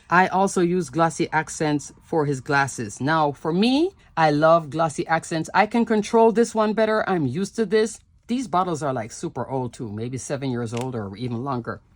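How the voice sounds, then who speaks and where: A woman's voice: deep voice, no room sound. A woman hosting a papercraft video, chatting casually and bubbly as she shows her cards, often repeating "love, love" and calling viewers "crafters".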